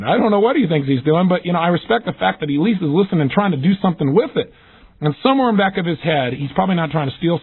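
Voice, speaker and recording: Fast, lively motivational speaker, man, tinny audio. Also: on the high side, husky. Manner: emphatic, dramatic quoted questions. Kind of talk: motivational seminar talk.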